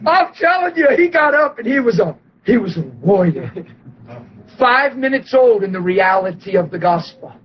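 A man preaching and telling a story, animated and excitable, acting out quotes and laughing often. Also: high voice, moderate pace, dull audio, slight background noise. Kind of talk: sermon storytelling.

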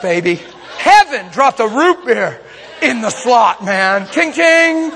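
A man preaching a sermon as a traveling minister, telling stories in an animated way, often laughing and breaking into shouts. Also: very high-pitched, slow, slight background noise. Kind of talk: sermon storytelling. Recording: long reverb of a large hall.

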